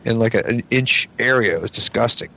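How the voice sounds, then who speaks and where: Fast, gravelly man rambling through a story. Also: medium pitch, pushed and bright. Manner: rambling, quoting people. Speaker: podcast co-host. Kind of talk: casual chat, storytelling.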